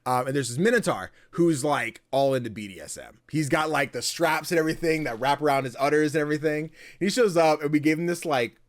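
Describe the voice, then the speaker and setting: A man hosting a podcast in casual chat, animated, laughing often and swearing casually. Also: fairly high pitch, a little fast, hardly any pauses, no echo, clean studio sound. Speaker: podcast host.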